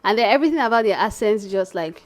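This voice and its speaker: A woman's voice: mid-range voice, animated, quick pace. Chatty young woman vlogger from Nigeria. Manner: chatty, addresses viewers as besties. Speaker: vlogger host. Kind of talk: casual chat.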